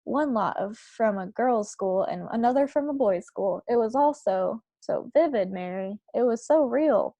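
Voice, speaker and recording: A woman's voice: a little high, animated, measured pace, few pauses, mellow, dry recording. A woman reading aloud, voicing a refined queen who exclaims in alarm. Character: distressed queen, dignified and commanding.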